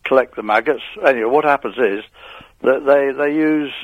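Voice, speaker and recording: A man's voice: medium pitch, dry recording. An elderly man in his eighties phones in to a radio show, stumbling and restarting his words as he goes. His voice sits mid-range and comes through dry and a little muffled over the line. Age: 80s. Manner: halting, repeats words often. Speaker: caller. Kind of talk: phone-in chat.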